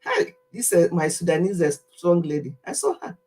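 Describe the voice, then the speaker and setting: A middle-aged woman with a Nigerian accent chats loosely on a livestream, teasing her viewers and laughing easily. Her voice has a breathy, husky edge. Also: fairly low pitch, very animated, normal speed, warm tone, low-quality recording. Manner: chatty, teasing, laughs often while reading out viewers. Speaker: livestream host. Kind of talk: casual livestream chat.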